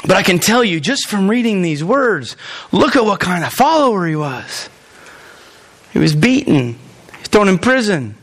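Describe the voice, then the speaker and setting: A man's voice: big pitch swings, moderate pace, fairly bright tone. A man preaching a sermon as a pastor and closing in prayer, speaking straight to his congregation in an earnest, direct way. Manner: earnest, direct address to the congregation, voice climbing high when emphatic. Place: church.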